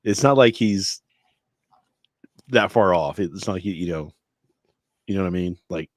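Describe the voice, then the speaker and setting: A man's voice: sits low, measured pace, long pauses, no echo. A man co-hosting a casual podcast, rambling through his opinions with restarts and chuckles. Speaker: co-host.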